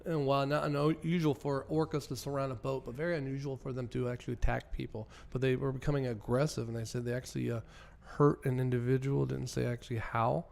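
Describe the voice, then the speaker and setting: A man hosting a crude comedy podcast, telling stories loudly with lots of swearing and laughter. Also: mid-range voice, little pitch movement, fast talker, gravelly. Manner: loud, profane storytelling, laughs often. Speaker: podcast host.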